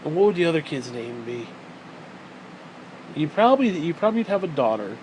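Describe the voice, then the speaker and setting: A man's voice: a little high, sing-song, fairly quick, darkish tone, a little hiss or hum, rough recording. A man in his forties ranting in a rambling, sarcastic, profane monologue as a vlogger.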